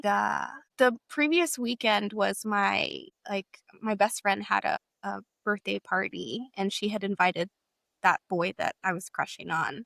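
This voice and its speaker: A woman's voice: mid-range voice, gravelly, fairly bright tone, dry recording. Young Texan woman telling her story, dry close sound. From Texas. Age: young adult. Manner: casual, heavy use of "like", acts out past dialogue. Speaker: interview guest. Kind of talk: personal storytelling in an interview.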